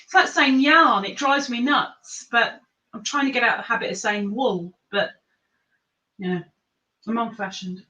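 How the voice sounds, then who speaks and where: A woman's voice: on the high side, normal speed, sharp tone. A woman hosting a casual live chat, quizzing her viewers in a chatty, giggly way. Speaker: host. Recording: echoey room.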